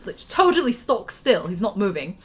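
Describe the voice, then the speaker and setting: A woman's voice: mid-range voice, sing-song, moderate pace, husky. A woman streamer chatting casually on a livestream, giggly and answering chat as she talks. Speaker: game streamer.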